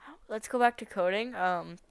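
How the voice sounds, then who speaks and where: A woman live-streaming from a room at home, chatting to viewers as she works through her code. She thinks aloud in a loose, rambling way, stopping often to correct herself, in a voice of ordinary middle pitch. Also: moderate pace, creaky, clear, resonant tone. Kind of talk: casual live-stream talk while coding.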